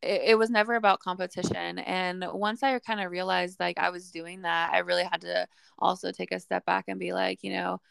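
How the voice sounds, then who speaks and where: A woman's voice: fairly low pitch, level tone, a little fast, vocal fry, a bit bright, clear, resonant tone, no echo, clean studio sound. A young woman hosting a podcast, talking in a casual, blunt way and swearing freely. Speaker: podcast host. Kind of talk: casual chat.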